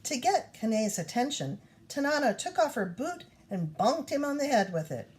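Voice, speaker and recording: A woman reading a children's storybook aloud in an expressive storytelling manner. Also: on the high side, normal speed, hardly any pauses. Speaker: reader.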